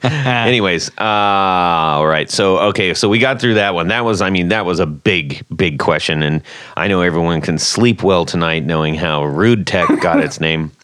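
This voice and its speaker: A man's voice: deep voice, a bit bright, clean tone, dry recording, studio quality. A man hosting a podcast interview in casual chat, joking and laughing often. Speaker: podcast host.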